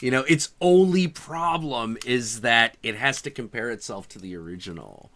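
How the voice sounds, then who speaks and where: A man's voice: medium pitch, moderate pace. A man in his thirties hosting a show, telling stories in casual chat with lots of swearing. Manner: animated, profane storyteller. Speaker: show host.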